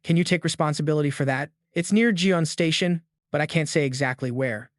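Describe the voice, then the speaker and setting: A man voicing a bossy male gang leader scolding and shouting over a radio. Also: on the high side, brisk, dry recording, clean studio sound, lightly acted.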